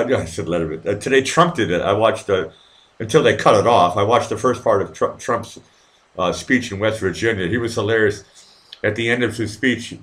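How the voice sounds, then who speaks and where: Hosting a live stream, a middle-aged man rambles casually to his audience, with stammers, repeated words, and easy swearing. His voice is lowish with a touch of brightness.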